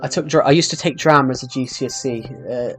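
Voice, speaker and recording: Young male streamer, thick rolling-R British regional accent, slow, deliberate and full of restarts, mid-pitched, faint music behind. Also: a bit bright. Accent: strong rhotic British regional. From United Kingdom. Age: young adult. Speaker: game streamer. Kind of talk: casual live-stream chat while gaming.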